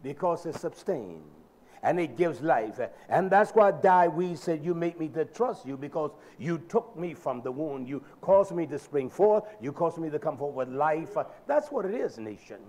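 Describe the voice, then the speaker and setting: A male preacher giving a sermon in a dramatic, colloquial manner, swinging from shouted lines to low murmurs. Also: animated, moderate pace.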